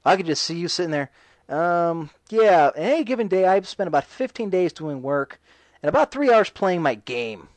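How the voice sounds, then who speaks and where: A man's voice: sits high, animated, normal speed, no echo, low-quality recording. A man hosting a casual talk radio show, reading and answering chat messages in a sarcastic, ranting way.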